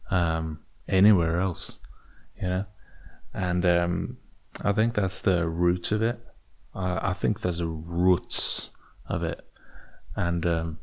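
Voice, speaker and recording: A man's voice: sits low, vocal fry. A young man hosting a solo podcast, rambling in a put-on British accent, with many fillers and restarts. English is not his first language. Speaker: podcast host.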